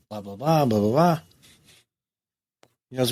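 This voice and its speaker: Pausing often, a middle-aged ex-prison captain tells war stories at a moderate pace in a mid-range voice during a casual interview. He curses freely and is animated, performing the dialogue he quotes.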